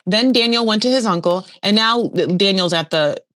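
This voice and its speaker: Her mid-range voice is a bit bright and moves at a moderate pace as she hosts a podcast recapping a reality show. She's chatty and gossipy, leaning heavily on "like", in a dry, studio-quality recording of casual pop culture talk.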